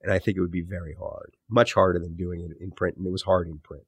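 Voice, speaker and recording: A man's voice: deep voice, level tone, fast, breathy edge, no room sound. A man being interviewed as an author, talking in a thoughtful, rambling way and often correcting himself mid-sentence. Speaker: author and podcast host, interview guest. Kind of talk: casual interview talk.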